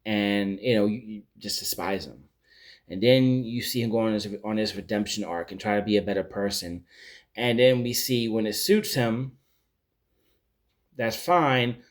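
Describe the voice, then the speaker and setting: A male vlogger casually recapping a TV series, rambling and animated, often searching for words. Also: fairly low pitch, unhurried. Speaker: pop culture vlogger.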